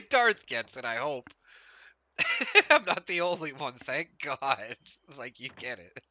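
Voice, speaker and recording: Male game streamer from Canada, rambling casual chatter, voice on the high side, very bright tone. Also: huge pitch swings, takes it slowly, pauses often. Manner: rambling, laughs often, heavy use of "like". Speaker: gaming streamer. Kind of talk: casual chat while live-streaming a game.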